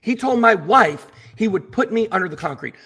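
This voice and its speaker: A man's voice: high voice, animated, moderate pace, very noisy. A man on a livestream talking to his viewers, emotional and insistent, repeating his points again and again. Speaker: streamer.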